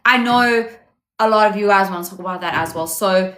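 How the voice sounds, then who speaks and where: A woman's voice: medium pitch, fairly quick, a bit bright. A South African woman in her late twenties co-hosting a football podcast in chatty, playful banter, laughing often. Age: 20s. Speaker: podcast co-host. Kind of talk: casual football podcast chat. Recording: roomy echo.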